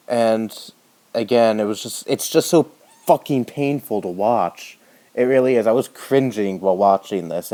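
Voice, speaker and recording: A young man delivering an indignant rant to camera, swearing often and halting with fillers and restarts. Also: on the low side, dark tone. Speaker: YouTuber. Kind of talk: angry rant vlog.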